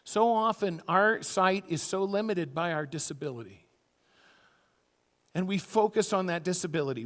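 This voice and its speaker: A middle-aged pastor delivers a storytelling sermon, his voice sitting notably high for a man. He now and then jumps into quoted lines with loud, high bursts. The sound carries a long church-hall reverb. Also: lively intonation, moderate pace. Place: church sanctuary.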